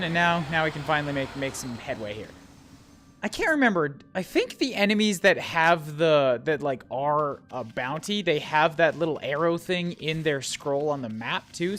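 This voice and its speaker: A man's voice: a little high, a bit bright. A man streaming a video game, chatting playfully, talking to enemies and to his chat. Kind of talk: casual gameplay commentary.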